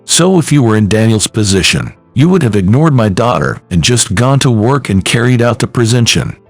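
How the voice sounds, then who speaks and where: A man voicing a dignified male company president who speaks in a low, cold, firm voice. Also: big pitch swings, fairly quick, no room sound, faint music behind. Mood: cold stern.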